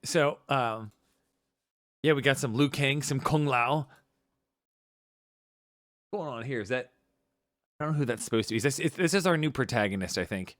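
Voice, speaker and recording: A man co-hosting a casual podcast chat, rambling with many restarts and bursts of excitement. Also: medium pitch, moderate pace, pauses often, dry recording, studio quality. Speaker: podcast co-host.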